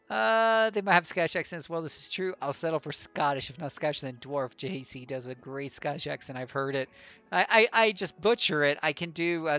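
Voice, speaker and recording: A man's voice: fairly high pitch, expressive, moderate pace, a bit bright, dry recording, soft background music. A man streaming a game live, chatting and joking in a rambling way with many restarts. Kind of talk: live gameplay commentary.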